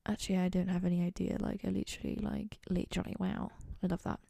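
A young woman talks fast in a lowish, husky, gravelly yet mellow voice with flat delivery. She's hosting a solo podcast from her dorm, rambling casually and joking at her own expense. The studio sound is clean, with no room sound.

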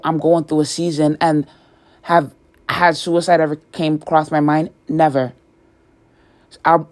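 A woman's voice: deep voice, darkish tone. A woman hosting a faith podcast, praying and talking earnestly with many repetitions. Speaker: podcast host. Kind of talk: prayer and faith talk.

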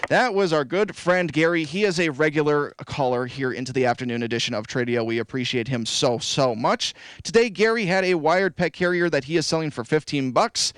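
A man's voice: a little high, no room sound. Upbeat man hosting a local radio show. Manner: friendly, repeats phone numbers slowly. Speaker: radio host. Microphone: studio microphone.

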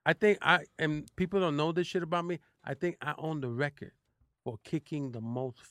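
A man from New City, a guest telling animated, profane stories with lots of restarts. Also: fairly high pitch, moderate pace, dry recording. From New York City. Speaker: guest actor. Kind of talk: casual interview storytelling.

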